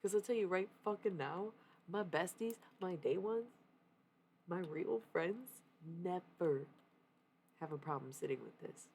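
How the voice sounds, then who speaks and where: A woman's voice: lowish voice, animated, measured pace, darkish tone, slight background noise. A young woman livestreaming, talking candidly in a casual confessional way, swearing freely and laughing often.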